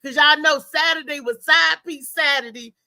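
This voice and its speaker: A woman comedian telling comic stories in casual chat, animated and laughing, acting out the people in her stories. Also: sits high, moderate pace, no echo. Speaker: stand-up comedian guest.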